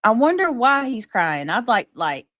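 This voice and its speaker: A woman's voice: on the high side, very animated, measured pace, a bit bright, dry recording. A woman hosting a live stream, chatting casually and reacting aloud as she reads chat messages and texts. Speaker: livestream host.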